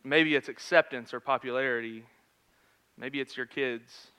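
A man in his thirties preaching a sermon in a conversational storytelling manner, swinging between loud and hushed. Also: mid-range voice, fairly even intonation, normal speed, clear, resonant tone. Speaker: pastor.

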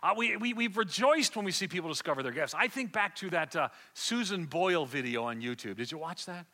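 Male preacher, fairly high and bright-toned, passionate storyteller who repeats himself as he builds to loud peaks. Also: expressive, fairly quick. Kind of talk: sermon.

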